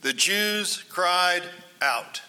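A man preaching a Bible-teaching sermon, acting out quoted cries loudly, then dropping to hushed asides. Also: high-pitched, expressive, extremely slow. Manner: dramatic, swings between loud quoted cries and hushed asides. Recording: long hall reverb.

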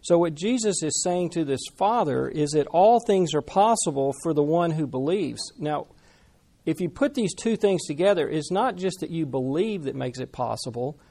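A man preaching a sermon in a conversational, animated way, talking with the congregation. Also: fairly high pitch, moderate pace. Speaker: pastor.

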